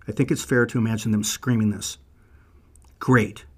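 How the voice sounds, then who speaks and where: A man's voice: medium pitch, fairly even intonation, normal speed. A man teaching a Bible lesson as vivid, conversational storytelling.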